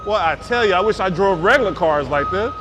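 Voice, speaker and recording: Over music, a man with a high, expressive voice talks briskly while demonstrating a forklift outdoors. The salesman is exuberant, repeating his praise and whooping as he drives, and faint outdoor and vehicle noise can be heard.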